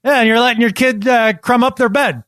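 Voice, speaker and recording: A man's voice: extremely high pitch, fairly even intonation, fairly quick, fairly bright tone, no room sound. A man co-hosting a podcast in casual chat, riffing sarcastically and slipping into mock voices. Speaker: podcast co-host.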